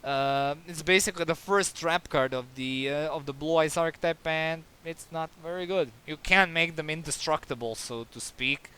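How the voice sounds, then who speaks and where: A man's voice: on the high side, bright, forceful tone, clean tone. A man giving a casual card game review, sarcastic and exasperated, with many fillers and restarts.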